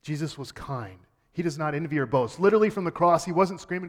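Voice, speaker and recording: A man giving a sermon as a pastor, earnest, dropping quiet and then rising emphatic. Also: high voice, a little fast, hardly any pauses, long reverb tail.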